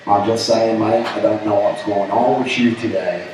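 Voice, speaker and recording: A man from Canada co-hosting a casual pop culture show, bantering and joking in an animated way. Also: on the low side, moderate pace, distant mic, noisy background. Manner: joking, animated, jumps into bits and shouts. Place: pub. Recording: echoey room, voice from off mic.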